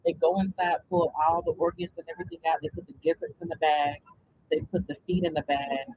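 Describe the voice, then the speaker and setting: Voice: medium pitch, flat delivery, fairly quick, dull audio, noisy background. A speaker telling a long story in casual chat, rambling with many fillers.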